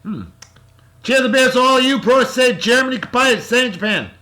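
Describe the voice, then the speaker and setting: A man hosting a casual beer-tasting vlog, talking in a loud, hyped-up, slangy way and sounding short on sleep. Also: very high voice, animated, normal speed. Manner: boisterous, hyped-up, shouty slang-laden praise. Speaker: vlog host.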